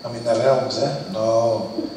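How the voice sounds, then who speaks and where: A man preaching a lively church sermon, exclaiming and teasing his congregation. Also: mid-range voice, slow pace. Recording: echoey hall, distant mic, faint hiss.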